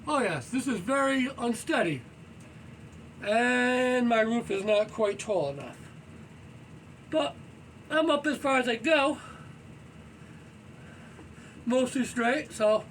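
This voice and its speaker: A man talking casually and loudly while stretching at home, energetic and rambling, with many "you know"s as he moves around. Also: very high voice, slow, long pauses. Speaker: fitness vlogger. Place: indoors at home, low ceiling. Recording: voice far from the mic with faint noise.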